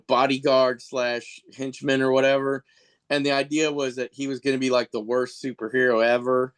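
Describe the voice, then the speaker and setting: A man of middle pitch tells long backstage stories in loose podcast chat. He circles back and restarts often, padding everything with fillers. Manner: rambling, with many restarts and fillers; jumps into high, animated voices when quoting people. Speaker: podcast guest, costume and effects artist for a shock rock band. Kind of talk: casual storytelling chat.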